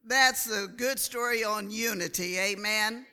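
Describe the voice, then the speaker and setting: A woman preaching a sermon in a slow, deliberate way, often calling for an amen from the listeners. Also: medium pitch, bright, forceful tone. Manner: slow, deliberate delivery, calls for amens. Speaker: church speaker.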